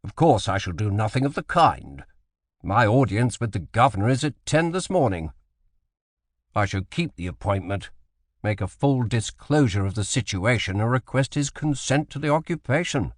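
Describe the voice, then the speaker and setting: A man voicing a commanding British admiral in an audiobook, speaking with deliberate authority. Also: fairly low pitch, big pitch swings, no echo, studio quality. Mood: briefing. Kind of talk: audiobook character voice.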